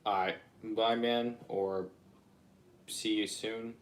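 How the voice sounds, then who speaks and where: A man's voice: on the low side, level tone, slow pace. A man rambling casually on a livestream, chatting and reacting to viewer comments. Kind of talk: casual live-stream chat.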